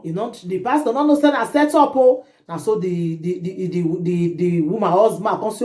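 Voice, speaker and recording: A woman vlogger with a Nigerian Pidgin accent, telling a gossip story to her viewers in an animated, indignant way. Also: lowish voice, brisk. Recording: roomy echo.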